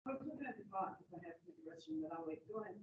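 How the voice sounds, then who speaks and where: A woman taking part in a recovery group, answering quietly and apologetically. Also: mid-range voice, sing-song, very fast, phone-quality sound, background noise. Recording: faint, far from mic in echoey room.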